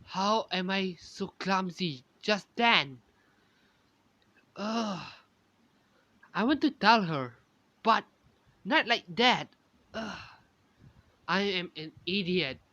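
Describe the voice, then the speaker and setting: A clumsy, lovesick young man, put on by a woman reading a fan story sighs and scolds himself under his breath. His pitch drifts up and down as he frets, and the sound is dull and lo-fi. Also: lively intonation, slow, long pauses, no room sound, heavily acted. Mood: flustered. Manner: sighing, self-scolding, soft-spoken. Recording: dull lo-fi recording.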